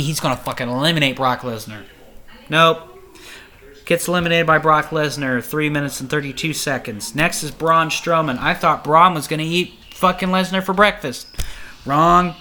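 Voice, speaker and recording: A young man talks through a solo podcast review in a loose, rambling way, swearing freely as he gets worked up. His voice sits a little high and rings bright and forceful. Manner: profane, excitable, rambling. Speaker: podcast host.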